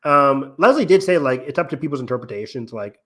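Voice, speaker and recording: A man's voice: medium pitch, animated, fast, a bit bright. Rambling male podcast host. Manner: rambling, thinks aloud with many "like"s. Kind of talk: casual discussion.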